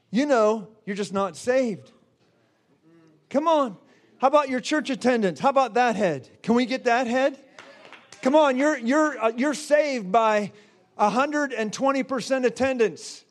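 A man preaching a charismatic sermon in a fervent, exclamatory way, breaking into shouts and laughter. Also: very high-pitched.

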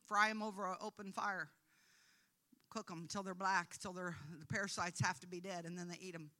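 Bright-voiced woman telling a sermon story. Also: on the low side, steady tone, moderate pace. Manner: storytelling, rising to emphatic preaching peaks, laughing at herself. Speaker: preacher. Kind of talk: sermon testimony.

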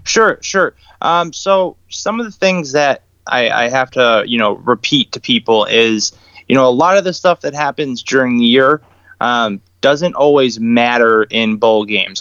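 A man being interviewed as a sports betting analyst, answering in a measured way with many ums. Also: mid-range voice, fairly bright tone, smooth, dry recording, highs cut off. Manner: measured, filler-heavy with ums. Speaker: guest, sports handicapper.

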